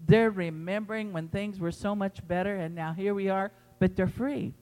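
A pastor preaching a sermon to his congregation in an impassioned, emphatic way, swinging between loud pleading and quiet teaching. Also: high-pitched, steady tone, moderate pace, long reverb tail. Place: church sanctuary.

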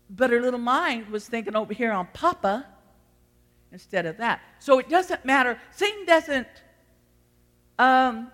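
A woman preacher delivers a sermon with a bright, forceful voice. She builds to loud, repeated declarations and then drops to hushed, chatty asides. Long church hall reverb trails every line. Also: fairly high pitch. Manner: swings from loud exhortation to quiet asides. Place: church sanctuary.

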